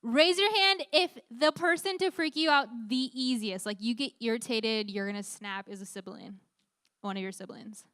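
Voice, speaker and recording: A woman's voice: fairly high pitch, moderate pace, a bit bright, clean tone, no echo, clean studio sound. A young woman leading a youth group Bible talk, upbeat, often putting questions to the teens. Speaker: youth leader.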